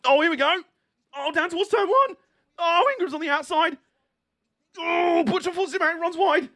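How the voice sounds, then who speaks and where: High-voiced, excitable man. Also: normal speed, no echo, studio quality. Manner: excitable, sweary, laughs often. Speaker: streamer. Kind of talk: live watch-along race commentary.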